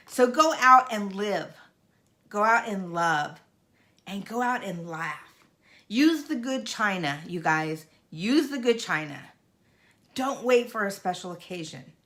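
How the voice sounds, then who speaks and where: Bright-voiced grandmother giving a pep talk. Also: medium pitch, lively intonation, takes it slowly. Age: older. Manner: earnest and encouraging, speaks straight to viewers. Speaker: vlogger. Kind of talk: heartfelt motivational vlog talk.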